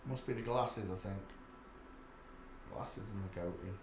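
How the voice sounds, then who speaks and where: A man's voice: low voice, measured pace, roomy sound, background noise. A man with a Yorkshire accent giving a muttered running commentary as he browses images for his channel. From England. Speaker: channel host.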